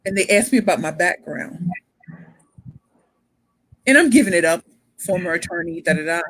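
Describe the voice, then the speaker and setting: A woman pitch coach telling her story as a motivational speaker, emphatic and repeating phrases for effect. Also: expressive, normal speed, a bit bright, dry recording, rough recording.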